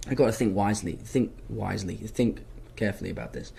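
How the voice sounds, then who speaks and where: A man's voice: lowish voice, quick pace, vocal fry, a little hiss or hum. A young man, an actor answering fan questions in a casual live Q&A, telling stories with self-mocking asides. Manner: animated, chatty storytelling, self-mocking asides.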